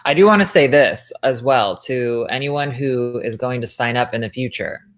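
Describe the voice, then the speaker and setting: A woman podcast commentator with a bass voice talks at normal speed, animated in casual chat. She's emphatic and insistent, often cutting in with "listen" and "look" to make her point.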